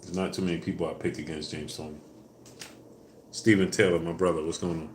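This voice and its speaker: A man hosting a casual live stream, answering viewers in a relaxed way with fillers, louder when asking for likes. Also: deep voice, fairly quick, a little hiss or hum. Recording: echoey room with faint ambience.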